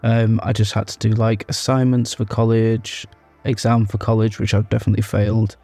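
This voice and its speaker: Gravelly young man, lots of ums. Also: fairly low pitch, level tone, normal speed, dark tone, soft background music. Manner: rambling, full of ums and fillers. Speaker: podcast host. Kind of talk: casual podcast intro chat.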